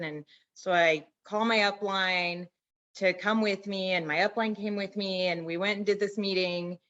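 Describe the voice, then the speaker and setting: A woman telling an emotional personal story on a video call, halting and restarting as she holds back tears. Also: mid-range voice, fairly bright tone. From Arizona. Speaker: network marketing distributor sharing a story. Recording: dull lo-fi video call audio.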